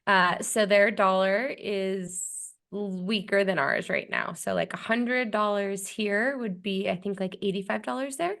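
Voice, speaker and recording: Woman co-host, young adult, mid-pitched, recovering from a cold, playful and joking. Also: animated, unhurried, vocal fry, fairly bright tone. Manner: playful, joking, laughs often. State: getting over a cold. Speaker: podcast co-host. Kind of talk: casual chat.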